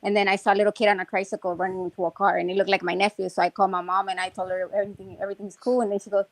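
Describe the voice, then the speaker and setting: A woman's voice: medium pitch, little pitch movement, rapid-fire, hardly any pauses, no room sound, low-quality recording. A woman in a casual group voice chat telling an earnest, blunt story.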